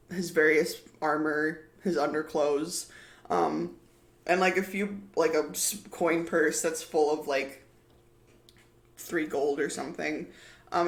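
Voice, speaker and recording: Male game master, high bright voice, loose rambling narration, echoey room. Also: creaky. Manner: rambling, filler-heavy narration.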